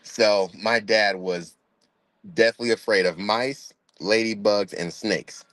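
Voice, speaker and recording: A man's voice: on the low side, slow pace, a bit bright, no room sound. A young man telling a funny family story in a laid-back, rambling way, with chuckles. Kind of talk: casual storytelling.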